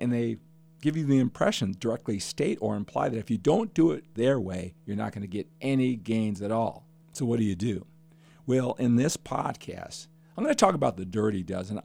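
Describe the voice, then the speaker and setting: An older man hosts a fitness podcast in a low, creaky, warm voice. His monologue is passionate and emphatic, piling up repeated phrases.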